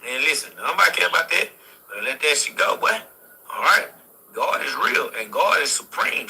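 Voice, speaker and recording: A young man preaches with fervor, his voice sharp and very bright, with a gravelly edge and a husky grain. He hammers home each point through repetition, speaking a little above the usual male pitch. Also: wildly swooping pitch, normal speed, poor audio. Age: young adult. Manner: repetitive exhortations punctuated with "facts". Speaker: motivational speaker. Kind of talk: impassioned street-style preaching.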